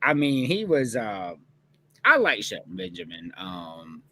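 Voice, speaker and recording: A man's voice: fairly low pitch, wildly swooping pitch, measured pace, pushed and bright. A man hosting a casual podcast chat over a video call, laid-back and trailing off with ums and uhs. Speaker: podcast host.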